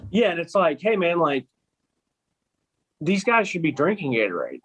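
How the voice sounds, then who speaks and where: A man's voice: fairly high pitch, huge pitch swings, normal speed, husky, low-quality recording. A young man co-hosting a podcast, talking loosely with lots of "like" and agreeing with his partner. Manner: loose, filler-heavy, agreeable. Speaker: podcast co-host. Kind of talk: casual chat.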